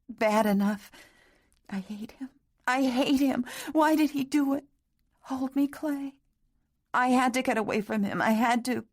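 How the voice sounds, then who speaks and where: A woman narrator voicing a distraught young woman who wails in a high, childlike voice.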